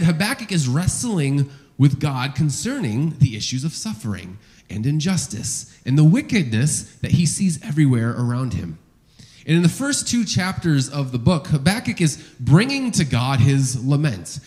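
Animated man preaching a sermon. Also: on the high side. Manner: animated, rising and falling emphasis, rhetorical questions. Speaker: pastor. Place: church sanctuary with congregation.

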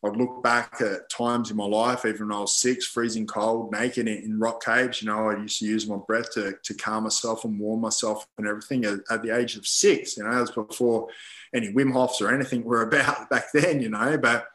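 A man's voice: fairly low pitch, level tone, brisk, a bit bright, roomy sound, low-quality recording. A man, a podcast guest, telling personal stories in casual conversation, rambling with many fillers and frequent swearing, acting out his own past thoughts.

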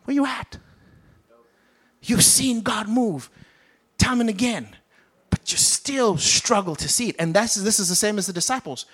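A man's voice: high-pitched, lively intonation, measured pace, fairly bright tone, slightly rough. A man preaching a sermon with a British accent, acting out the Bible characters as he goes. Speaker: pastor.

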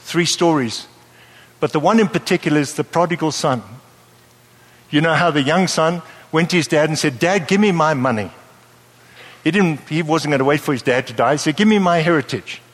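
A man preaches to a live congregation in a lively, playful manner, stopping often to ask the audience whether they understand. His voice sits a little high for a man. The sound carries the long reverb of a large hall. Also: brisk. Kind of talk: sermon.

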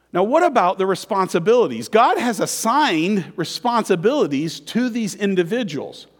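A man's voice: sits high, sing-song, normal speed. A man preaching a conversational sermon in a church, asking the congregation questions and acting out quoted voices. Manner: acts out quoted voices in dialogue. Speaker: pastor. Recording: long hall reverb.

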